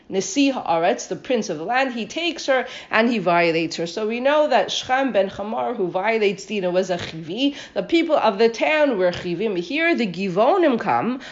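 A woman teaching a scripture lesson, reading Hebrew verses aloud, then translating and questioning them. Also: a little high. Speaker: Torah teacher. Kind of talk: text study lesson. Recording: dull lo-fi recording.

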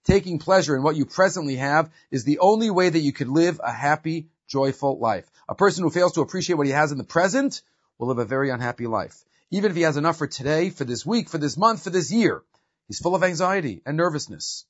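Man giving a torah class, husky, somewhat high voice, muffled lo-fi sound. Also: expressive, fast talker. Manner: explanatory, translates verses, frequent "right?". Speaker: Torah teacher. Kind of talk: religious lesson.

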